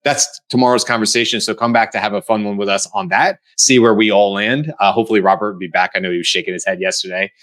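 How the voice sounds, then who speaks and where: A middle-aged man from the United States speaks with a low voice as a show co-host. His talk is casual and animated, full of restarts and acted-out bits of dialogue. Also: fast, hardly any pauses. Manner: animated, acts out quoted voices. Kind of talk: casual panel discussion.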